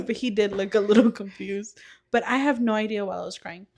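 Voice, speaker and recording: A woman's voice: medium pitch, fairly quick. A young woman co-hosting a podcast with her sisters, telling a story in casual chat, acting out what people said and laughing often. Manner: animated storytelling, acts out quotes, laughs often. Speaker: podcast co-host.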